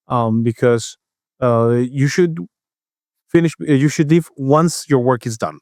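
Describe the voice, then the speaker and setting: A man co-hosts a casual podcast, telling a work story at an ordinary pitch. He stops and restarts often and acts out the other people's lines as he goes. The sound is dry and close. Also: fairly even intonation, a little mellow, dry recording. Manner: storytelling, halting with restarts, acts out quoted voices. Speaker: podcast co-host. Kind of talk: casual chat.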